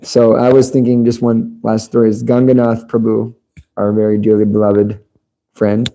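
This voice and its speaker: Very dark-voiced man telling stories. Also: fairly low pitch, moderate pace, rough recording. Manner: animated, tells stories with quoted dialogue. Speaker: devotee commenting on the class. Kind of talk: anecdotal storytelling.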